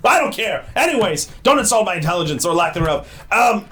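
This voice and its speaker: A man's voice: high voice, big pitch swings, brisk, bright, forceful tone, heavily acted. A man voicing a tall, brash female goblin gang leader who swears and has a shifting put-on accent.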